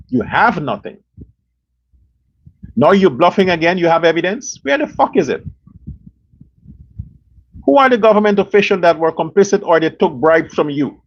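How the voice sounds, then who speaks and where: Angry, profane man ranting, high-pitched. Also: slightly rough. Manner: profane, scornful, rhetorical questions. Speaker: political commentary show host. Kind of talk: angry political rant. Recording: dull lo-fi sound with faint noise.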